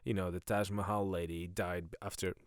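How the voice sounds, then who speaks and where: A man's voice: low-pitched, level tone, normal speed, clear, resonant tone, dry recording, studio quality. A man hosting a podcast as a comedian, with a jokey, self-mocking ramble that keeps going off on tangents. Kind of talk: rambling comic monologue.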